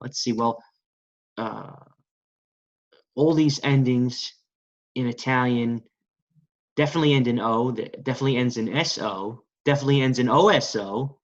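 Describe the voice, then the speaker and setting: A man's voice: medium pitch, moderate pace, long pauses. Coaxing male language teacher, lo-fi. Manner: coaxing, repetitive, asks the class to repeat. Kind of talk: classroom-style lesson. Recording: dull lo-fi recording.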